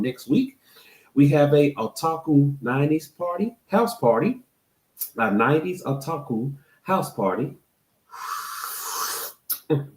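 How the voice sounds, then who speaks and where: A man's voice: medium pitch, a little mellow. Host, US man: casual, joking, talks to viewers; roomy sound. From American South, Florida. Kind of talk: casual show intro.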